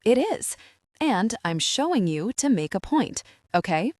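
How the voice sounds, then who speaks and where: A woman's voice: on the high side, sing-song, a little slow, a little mellow, no echo, studio quality. Woman reading a firm, intense tough guy. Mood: earnest firm. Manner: firm and direct. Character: tough rugged young man, intense and protective. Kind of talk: audiobook dialogue.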